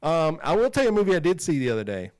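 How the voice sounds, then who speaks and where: Emphatic ranting man, lively voice. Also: fairly high pitch, rapid-fire, no room sound. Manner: emphatic, ranting, repeats himself. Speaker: podcast co-host. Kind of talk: casual chat.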